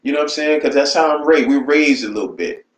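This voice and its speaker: An American man hosts a casual live-stream chat, speaking bluntly and profanely and frequently asking "you know what I'm saying." His voice is fairly high and fast. The recording has a roomy echo and faint background noise.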